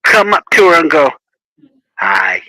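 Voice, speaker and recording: Guy hosting a casual chat, animated storyteller, laughs a lot, very bright voice. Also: a little high, normal speed, no room sound, rough recording.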